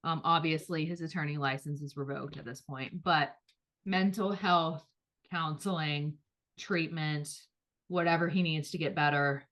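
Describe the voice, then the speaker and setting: A woman's voice: low voice, steady tone, a little slow, a bit bright. A woman co-hosting a podcast in casual chat, rambling and talking things through with lots of filler words. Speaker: podcast co-host.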